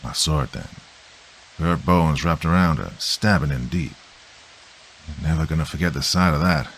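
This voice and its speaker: A man voicing a weary, gruff old grandfather with a folksy drawl, recounting a horror. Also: extremely low pitch, normal speed, a little hiss or hum, low-quality recording. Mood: haunted. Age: older.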